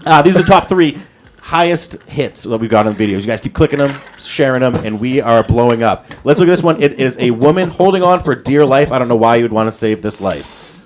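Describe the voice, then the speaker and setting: A man's voice: medium pitch, lively intonation, fairly quick, a little hiss or hum. A man co-hosting a casual talk show, presenting viral clips in an upbeat way.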